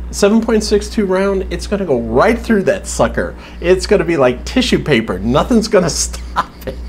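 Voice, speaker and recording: Sarcastic man with a lively voice. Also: fairly high pitch, slight background noise. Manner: sarcastic, wry, swears casually, with restarts. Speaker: TV episode recapper. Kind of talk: casual spoken recap.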